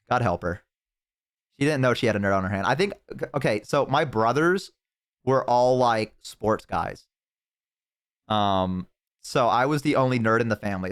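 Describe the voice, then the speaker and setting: A young man streaming live in casual chat, with a voice of ordinary male pitch. He swears freely and tells stories to his viewers. He often bursts into loud, excited shouts.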